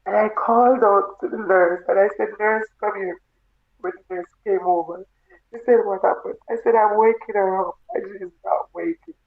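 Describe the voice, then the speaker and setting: A Jamaican woman, a grieving mother, telling her story in a halting, tearful way and repeating her words. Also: mid-range voice, vocal fry. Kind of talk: emotional personal testimony. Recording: tinny phone-like sound.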